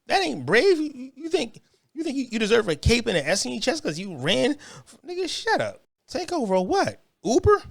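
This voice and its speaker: A man's voice: extremely high pitch, huge pitch swings, moderate pace, gravelly, no room sound, clean studio sound. A brash American man hosting a podcast, mocking and taunting in a heated rant and stumbling over repeated words. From United States. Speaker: podcast host reacting to clips.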